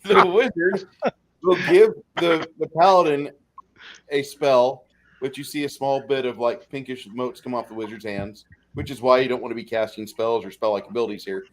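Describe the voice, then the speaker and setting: A man's voice: medium pitch, fairly even intonation, normal speed. A man narrating as game master of a tabletop game, casual and profane, often laughing.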